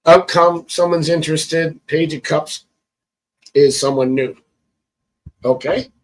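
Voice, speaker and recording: A man's voice: on the high side, steady tone, slow, poor audio. A man reading tarot cards on a live stream. He chats casually, thinks aloud and chuckles often. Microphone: phone.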